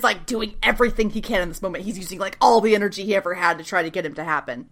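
A woman in casual chat, recapping a TV episode with lots of laughter and quick acted-out lines. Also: medium pitch. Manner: animated, laughing, swearing, acts out characters in quick voices. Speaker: podcast co-host recapping a TV show.

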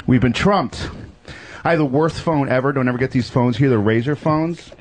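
A man performing a stand-up set. He grumbles through the set and bursts into shouted impressions. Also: fairly high pitch, very fast. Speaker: stand-up comedian.

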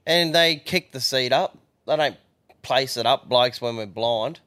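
Bright-voiced Australian co-host. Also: male voice, medium pitch, unhurried, smooth, no room sound, clean studio sound. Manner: crude joking banter. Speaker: podcast co-host. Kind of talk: casual chat.

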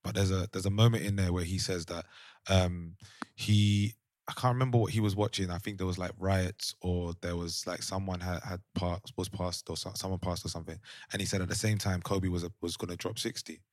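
A man's voice: low voice, fairly even intonation, fairly quick, a little mellow, no echo, clean studio sound. A man co-hosting a podcast in casual group discussion, thinking aloud and often restarting his sentences. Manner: thoughtful, trails off and restarts mid-thought. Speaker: podcast co-host.

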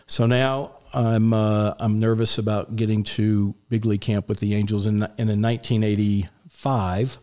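A man in his sixties telling anecdotes as a guest on a radio talk show, relaxed and full of restarts. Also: fairly low pitch, moderate pace, few pauses. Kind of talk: storytelling in a radio interview.

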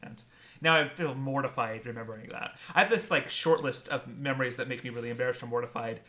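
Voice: mid-range voice, fast talker, pushed and bright. A person in a casual chat, speaking hesitantly with many fillers and self-corrections.

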